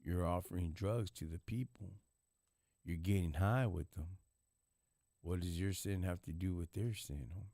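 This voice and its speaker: Man, very deep voice, streetwise slang, blunt and preachy, dry close sound. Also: normal speed, dark tone, dry recording. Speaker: live stream host. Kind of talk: casual chat.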